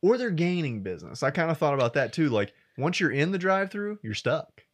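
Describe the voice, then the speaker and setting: Lively crude-joking podcast man. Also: a little high, fairly quick. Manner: crude, animated storytelling with asides. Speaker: podcast co-host. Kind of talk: casual comedic chat.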